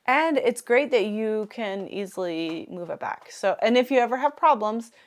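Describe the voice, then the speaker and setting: Woman, somewhat high pitch, casual live-stream co-host, upbeat, quick reactions. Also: lively intonation.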